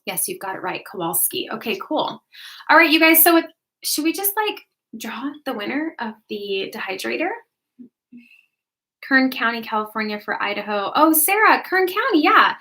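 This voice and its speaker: An American woman hosts a casual livestream, her voice bright and forward. She chats warmly with viewers and laughs often while answering their comments. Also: fairly high pitch, big pitch swings, moderate pace. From United States. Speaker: livestream host.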